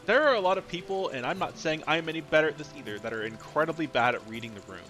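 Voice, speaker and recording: A man's voice: fairly high pitch, fast, faint music behind. A man streaming a game and chatting casually with friends, rambling and correcting himself as he talks. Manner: rambling, self-correcting, lively. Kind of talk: casual gaming stream chat.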